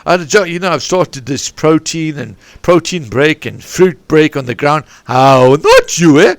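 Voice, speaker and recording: Gravelly rambling coach, man. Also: a little high, normal speed, dry recording. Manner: meandering, restarts and digresses often. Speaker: football and rugby coach. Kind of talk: rambling anecdotal podcast chat. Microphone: podcast microphone.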